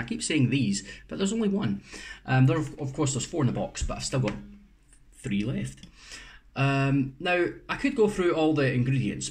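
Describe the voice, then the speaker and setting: A man hosting a casual food review vlog, chatty and casually sweary, often correcting himself. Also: medium pitch. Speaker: food reviewer, channel host.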